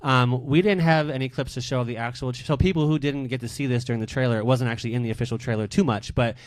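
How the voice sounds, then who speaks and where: A man hosting a casual radio interview, expressive and emotional, talking openly with his guests. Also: medium pitch, fast, dry recording. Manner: expressive, emotional, animated when excited. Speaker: host.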